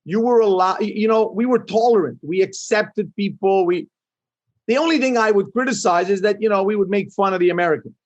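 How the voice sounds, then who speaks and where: High-voiced, emphatic middle-aged man. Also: a little fast, muffled recording. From Canada. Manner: emphatic, animated, seeks agreement with "right?". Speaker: guest entrepreneur. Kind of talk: interview conversation.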